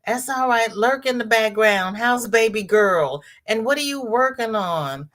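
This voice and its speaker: A woman in her sixties hosting a casual crochet livestream, chatting warmly with viewers and greeting them by name as she reads the chat. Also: a little high, expressive, a little slow. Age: 60s.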